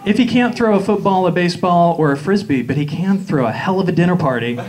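A man's voice: high voice, quick pace. A man from Atlanta with a Southern accent doing a campy, sly stand-up comedy routine on a live stage. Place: live stage before an audience. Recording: live show with crowd noise. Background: audience laughter.

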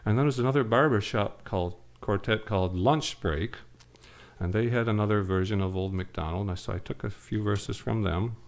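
A man from Michigan doing wry, rambling comedic stage patter between songs, with many hesitant pauses. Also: fairly low pitch. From Michigan, USA. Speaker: singer-comedian. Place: live stage before an audience.

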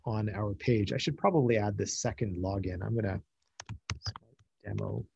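A man's voice: fairly low pitch, normal speed, vocal fry, darkish tone, highs cut off, slight background noise. A man presenting at a conference, answering audience questions in a thoughtful technical explanation and often restarting his phrases with ums.

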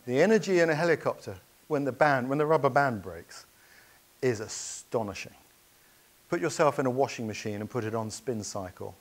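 Male speaker, storytelling keynote, earnest, anecdotal, halting fillers. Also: mid-range voice.

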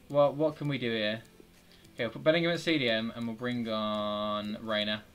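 A man's voice: mid-range voice, fairly even intonation, normal speed, a bit bright, clean tone, soft background music. A young man with a British accent giving live commentary on his football video game stream, talking to his players and swearing at them. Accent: British English. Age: young adult. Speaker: gaming streamer.

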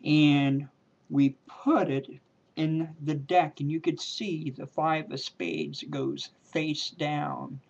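A man's voice: fairly high pitch, expressive, gravelly, husky. A man performing a card trick on camera, talking casually and playfully, joking as he goes, on a dull, lo-fi home video. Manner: playful, jokey, drawn-out emphatic words. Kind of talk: casual talk to camera while doing a card routine.

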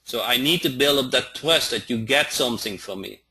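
Man, online trainer, very bright voice, halting delivery, frequent check-ins. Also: mid-range voice, breathy edge. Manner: halting, keeps checking in with listeners. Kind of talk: live webinar instruction.

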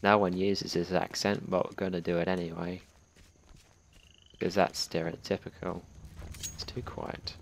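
A young Australian man joking and swearing through casual gameplay commentary, with sudden loud outbursts. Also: sits low, flat delivery, unhurried, gravelly, pauses often. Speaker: gaming channel host. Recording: loud game gunfire and noise behind.

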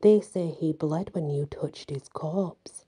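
An excitable, accusing woman prisoner from a storybook, played by a woman reading. Her tone is very dark and mellow, with a husky breath in it. She speaks in brash rustic phrasing. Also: low-pitched, takes it slowly, full character voice.

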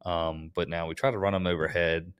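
An American man with a low, deep voice, relaxed and talkative, swapping trade stories on a podcast and dropping curse words freely. The sound is dry and close, with no room echo at all. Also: a little fast, smooth. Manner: storytelling, swears freely. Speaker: podcast co-host, HVAC technician. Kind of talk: casual chat.

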